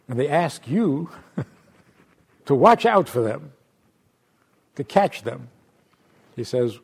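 A man teaching a Torah class, acting out imagined voices and laughing often, dropping to hushed asides and then rising loud. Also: mid-range voice, husky. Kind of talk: lively spoken Torah class.

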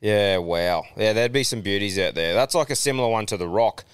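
A man's voice: on the low side, fairly quick, clean tone, dry recording, clean studio sound. A young Australian man co-hosting a casual podcast, telling stories with lots of swearing and laughter. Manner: swears freely, laughs often, tells stories. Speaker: podcast co-host. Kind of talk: casual chat.

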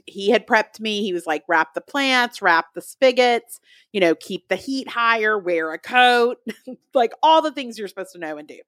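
A young woman co-hosts a podcast in casual chat, telling a story in an animated way and acting out quotes in other people's voices. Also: medium pitch, dry recording, clean studio sound. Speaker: podcast co-host.

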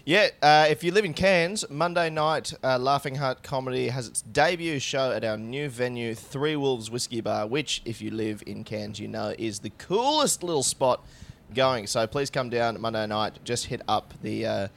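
A young Australian man co-hosting a comedy podcast, crude and excitable, laughing often as he tells stories and plugs shows. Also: medium pitch, normal speed, vocal fry. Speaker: podcast co-host. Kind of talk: casual comedy podcast chat.

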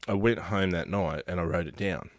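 A man's voice: deep voice, moderate pace, no room sound. An Australian man hosting a casual podcast chat, rambling with frequent restarts and laughing easily. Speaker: podcast host.

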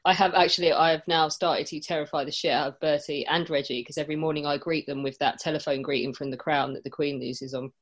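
A podcast host steering a relaxed panel discussion, mid-pitched and even-toned, quick to laugh and throw in dry jokes between questions. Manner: laughs often, wry asides. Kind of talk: casual panel chat.

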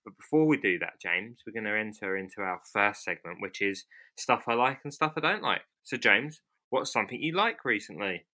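Male podcast host, twenties, very bright tone, chatty and upbeat. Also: lowish voice, expressive, brisk. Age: 20s. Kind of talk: casual podcast chat.

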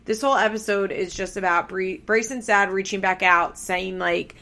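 A young woman recapping a reality TV show in casual, opinionated chat, blunt and quick to swear when annoyed. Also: medium pitch, steady tone, vocal fry, pushed and bright.

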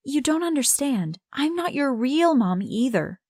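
A woman's voice: high voice, very animated, measured pace, a little mellow, no room sound, clean studio sound, pitched above the performer's own voice. Storybook mom, tender and soothing, read by a woman.

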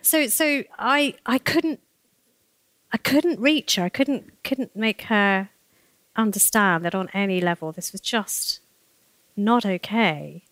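A woman in a podcast conversation tells a story with lively expression. She mid-pitched and animated, acting out quoted lines with sudden rises. The recording is close and dry. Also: slow, no echo. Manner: expressive, acts out quoted voices with big pitch jumps. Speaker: author guest.

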